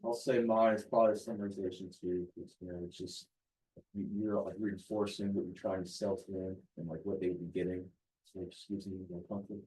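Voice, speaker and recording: Brief: low flat male voice, hesitant, distant in the room. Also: a little fast. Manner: soft-spoken, hesitant, many fillers. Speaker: sales rep. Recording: voice from far off the mic.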